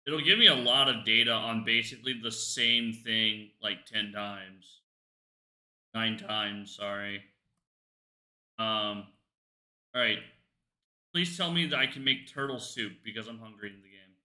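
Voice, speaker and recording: Male streamer, loose jokey game chatter, very bright tone, roomy echo. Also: lowish voice, unhurried, pauses often. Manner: rambling, jokey, talks to himself. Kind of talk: casual livestream chat while gaming.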